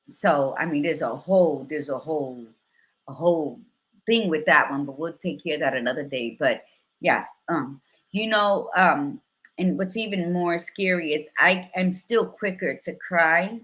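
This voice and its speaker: Candid emotional woman host, bright-toned. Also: deep voice, measured pace. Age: 50s. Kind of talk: casual chat.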